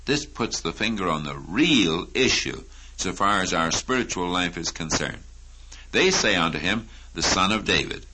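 Low-voiced man preaching a sermon. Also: expressive, bright, forceful tone, husky, poor audio. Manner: deliberate Bible teaching, rising to emphatic high questions.

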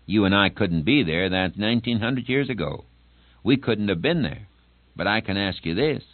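An earnest male preacher delivers a sermon with steady emphasis, dragging out key words to drive them home. The recording is thin and tinny like a phone line, and dry with no room sound. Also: fairly low pitch, moderate pace, no room sound.

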